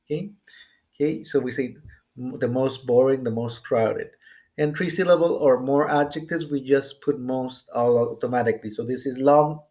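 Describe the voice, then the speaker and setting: A man with an American accent explaining English grammar and numbers in a recorded lesson, often checking in with "okay?". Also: mid-range voice. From United States. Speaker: English teacher.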